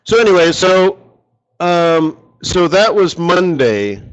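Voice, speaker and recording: A man's voice: high voice, very animated, slow, lo-fi sound. A man running a live forex strategy session, talking casually and rambling, often asking his audience rhetorical questions.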